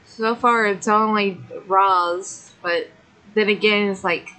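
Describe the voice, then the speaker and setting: A woman's voice: mid-range voice, fairly even intonation, takes it slowly, sharp tone, poor audio. A woman streamer chatting casually during an online tabletop game, laughing often. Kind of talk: casual chat.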